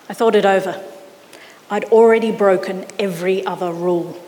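Woman reading a kids story out loud, lively, echoey hall sound. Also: medium pitch, brisk. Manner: expressive read-aloud. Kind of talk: reading a children's story aloud.

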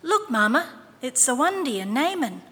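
An excited little village boy from a storybook, his bright, high voice bouncing with eagerness, as a woman reads him aloud. The sound rings with a long hall reverb. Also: normal speed, full character voice. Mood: eager.

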